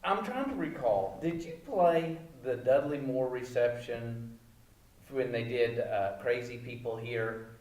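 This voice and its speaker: Chatty interviewer, off-mic in a roomy space. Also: male voice, mid-range voice, a little slow, a little mellow, far from the mic. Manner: chatty, meandering questions. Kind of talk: casual interview.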